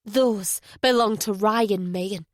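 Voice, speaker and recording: A woman's voice: medium pitch, slow, no room sound, clean studio sound, close to an everyday voice. A woman voicing a cold, vengeful woman holding someone at gunpoint in an audiobook thriller. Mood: menacing. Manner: threatening, cold. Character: hard, vengeful young woman with a gun.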